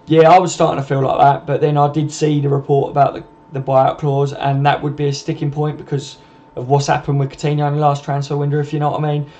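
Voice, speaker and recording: Host, male, gravelly, matey live-stream chat, dull lo-fi sound. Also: fairly high pitch, completely flat delivery, quick pace, dark tone. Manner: chatty, matey, addresses viewers as mate. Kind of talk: casual live-stream chat reading comments. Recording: dull lo-fi home stream with faint noise.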